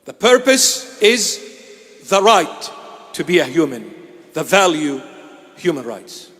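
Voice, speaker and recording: High-voiced man preaching in a reverberant church. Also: big pitch swings, a bit bright. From Iraq. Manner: emphatic, deliberate, with repeated phrases. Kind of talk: impassioned sermon-style address.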